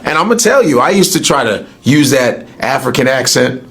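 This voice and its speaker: A man's voice: mid-range voice, lively intonation, a little fast, a bit bright, soft background music. A man from the United States talking bluntly and profanely in a casual podcast chat.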